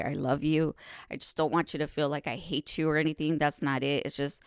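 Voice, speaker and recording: A woman with a low, smooth, resonant voice tells her personal story on a podcast, candid and salty with her language. She rambles and corrects herself, rising loud and animated in places and dropping to a hush when she confesses, all in a dry, close sound. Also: fast, no room sound. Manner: frank and profane, rambling and self-correcting; swings between loud animated retelling and soft hushed confession.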